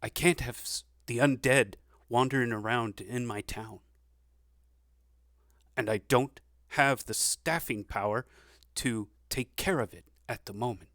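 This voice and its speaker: A man's voice: mid-range voice, measured pace, a bit bright, dry recording, studio quality. A man voicing a shrewd, suspicious noblewoman. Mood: cunning. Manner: guarded, probing, veiled threat.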